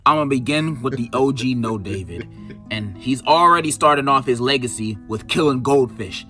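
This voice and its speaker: A man's voice: mid-range voice, moderate pace, sharp tone, raised voice, faint music behind. A man, giving comedic scripted commentary in a sarcastic, mock-outraged, exaggerated way. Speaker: video narrator reviewing a book.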